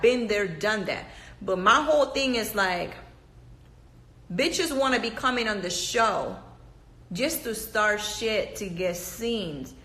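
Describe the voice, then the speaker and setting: A woman's voice: on the high side, bright, forceful tone. A woman from Panama, ranting bluntly to camera in a casual, profane, emphatic way, repeating herself for force. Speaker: reality TV cast member. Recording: echoey room.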